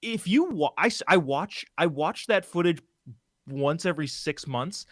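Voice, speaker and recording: A man's voice: fairly high pitch, expressive, unhurried, a bit bright, no room sound, studio quality. A young adult man, a comedian guest on a political stream, talking casually with many restarts and fillers. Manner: rambling, self-interrupting, hesitant fillers.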